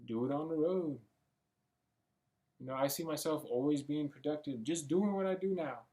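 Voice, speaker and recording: A young man thinking out loud in a rambling motivational monologue, casual and sometimes swearing. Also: fairly high pitch, normal speed. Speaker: vlogger. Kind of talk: motivational self-talk monologue.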